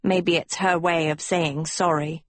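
A woman voicing a proud, guarded teenage villain girl in an audiobook, with a low, quiet, measured delivery. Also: steady tone, no echo. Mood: tearful. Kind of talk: audiobook character voice.

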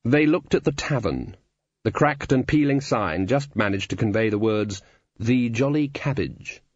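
A man narrating a comic fantasy story in a wry, measured manner. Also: on the low side, no room sound, dull audio. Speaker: audiobook narrator.

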